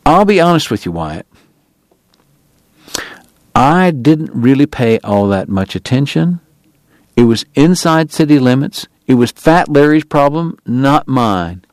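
A man voicing a young, excitable frontier sheriff who talks fast and defensively in a raised voice. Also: medium pitch, dry recording, clean studio sound, pitched above the performer's own voice. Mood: flustered.

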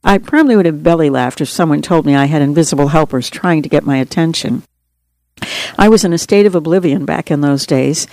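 A woman's voice: low voice, warm tone, no room sound. A middle-aged woman narrating her own memoir as an audiobook in an earnest, straightforward storytelling manner.

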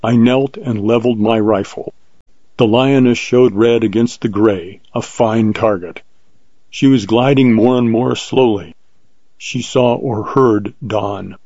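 A man reading an adventure story aloud in a measured, vivid way, on a dull lo-fi recording. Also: lowish voice, darkish tone, no echo. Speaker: narrator. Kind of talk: scripted narration of an adventure story.

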